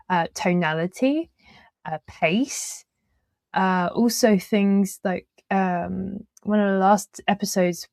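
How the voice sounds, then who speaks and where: A woman's voice: mid-range voice, a little mellow, no room sound. Meandering woman host, dry close sound. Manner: meandering, trailing sentences with frequent fillers; laughs easily while talking. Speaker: podcast host. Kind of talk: casual conversational interview.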